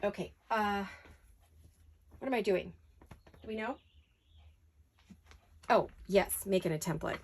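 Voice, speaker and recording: A woman's voice: medium pitch, slow pace, long pauses. A woman hosting a craft-along from her home studio, chatting and talking to herself in a rambling, playful way. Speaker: crafting channel host.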